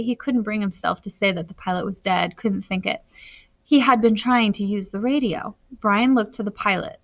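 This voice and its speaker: Woman narrating a novel, muffled recording. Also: mid-range voice. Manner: steady storytelling, rising in tense moments. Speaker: audiobook narrator. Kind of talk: novel read aloud.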